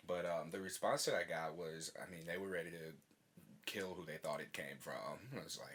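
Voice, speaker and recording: A man's voice: sits low, steady tone, moderate pace, a bit bright, breathy edge. A man hosting a podcast in casual conversation, frank and loose, swearing easily and checking that he understands his guest. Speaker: podcast host.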